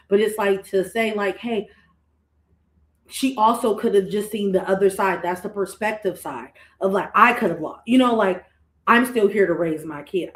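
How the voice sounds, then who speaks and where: Emotional woman in an echoey room. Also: medium pitch. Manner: emotional, animated storyteller, quick asides. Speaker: podcast co-host. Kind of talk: casual chat.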